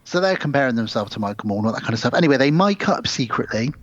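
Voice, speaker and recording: A man's voice: medium pitch, animated, very fast, a bit bright, no room sound. Man recapping a film, dull lo-fi sound. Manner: retelling a film plot step by step. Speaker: podcast co-host. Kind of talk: casual chat.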